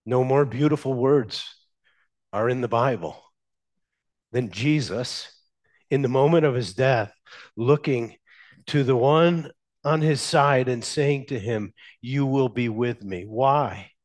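A male pastor delivering a sermon at an unhurried pace, letting each phrase land before moving on. His voice sits at an ordinary middle pitch. He leans on pauses for emphasis and puts questions to his listeners. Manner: slow, measured preaching with emphatic pauses; addresses the congregation with questions.

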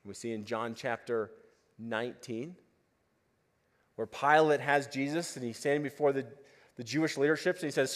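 A male pastor preaching a sermon to a congregation, pleading and impassioned, swinging between loud emphasis and hushed asides. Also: medium pitch, animated, normal speed. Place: church before a congregation.

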